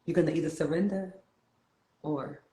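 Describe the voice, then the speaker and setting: A woman with a New York accent hosting a casual spiritual chat, talkative and quick to laugh. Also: low-pitched, steady tone, warm tone, roomy sound, poor audio. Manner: chatty, laughs easily, reflective.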